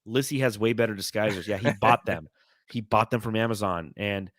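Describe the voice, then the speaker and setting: A lower-voiced man co-hosting a casual sports podcast, recorded close and dry. He talks in an excitable way, breaks into laughs often, and reads fan comments aloud with plenty of energy. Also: fairly quick, no room sound. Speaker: podcast co-host.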